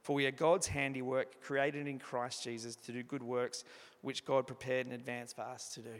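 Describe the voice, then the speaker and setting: A man preaching an evening church sermon, earnest, moving from emphatic passages to hushed, soft ones. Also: mid-range voice, level tone, normal speed. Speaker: pastor. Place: church hall. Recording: reverberant hall sound.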